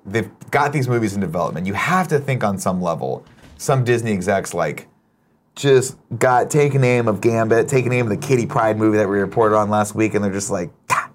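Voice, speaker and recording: A man hosting a casual morning talk show, telling stories in a fast, profane, animated way. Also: on the low side, a little hiss or hum. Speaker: show host. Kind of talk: casual chat. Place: studio.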